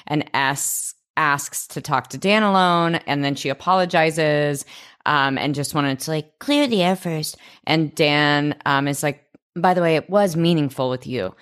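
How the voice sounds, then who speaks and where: Low-voiced woman co-hosting a chatty recap. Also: fairly bright tone, clean tone. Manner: chatty, swears freely, acts out characters' lines. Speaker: podcast co-host. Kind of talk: casual recap chat.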